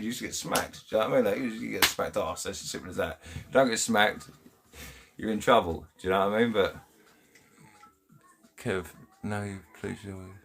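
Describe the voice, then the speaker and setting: A man with an English accent talks straight to his live stream viewers from home. His voice sits a bit low, and he is blunt and chatty, full of slang, with frequent laughs. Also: fairly bright tone. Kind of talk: casual live stream chat, reading comments. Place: home, indoors.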